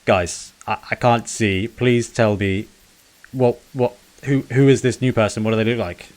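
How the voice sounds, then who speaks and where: A man's voice: lowish voice, fairly even intonation, normal speed, natural voice. An injured old man who has lost his sight pleads and stammers anxiously, as a man puts him on in a tabletop role-play. His questions tumble out, repeating themselves. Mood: pleading.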